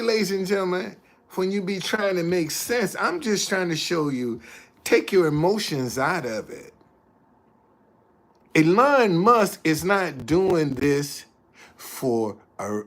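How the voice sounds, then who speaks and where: Animated man answering his livestream chat. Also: fairly high pitch. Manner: animated, repetitive, laughing, talks back to commenters. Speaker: livestream host.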